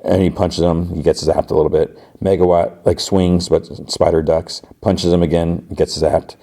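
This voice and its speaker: The voice is a low-pitched, warm, mellow male one. A podcast host casually retells a TV episode and trails off into "like" and "uh" as he goes. His delivery is relaxed and conversational. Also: normal speed. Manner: loose retelling full of "like" and "uh".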